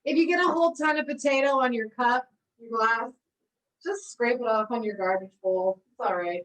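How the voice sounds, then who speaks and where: Speaking at a moderate pace in a fairly high, somewhat bright voice, a recreation therapy cooking instructor leads students through a live online class step by step. She laughs often and stays bubbly and encouraging; the audio is distant and rough.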